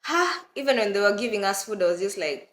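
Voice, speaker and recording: Animated woman from Kenya, echoey room. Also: medium pitch, quick pace. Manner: animated, dramatic retelling with laughter and mock crying. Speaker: vlogger. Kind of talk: casual storytelling to camera.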